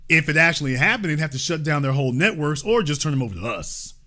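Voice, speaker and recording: A man's voice: on the high side, lively intonation, fast talker, bright, forceful tone. A man hosting a political talk show, giving emphatic commentary and repeating his points for stress. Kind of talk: animated commentary to a live audience.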